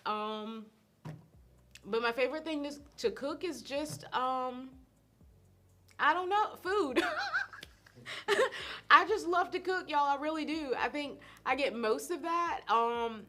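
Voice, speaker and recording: A middle-aged woman, chatting casually on a live stream as a host and cook, animated and laughing often. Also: sits high, slow, long pauses. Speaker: host and cook answering viewer questions.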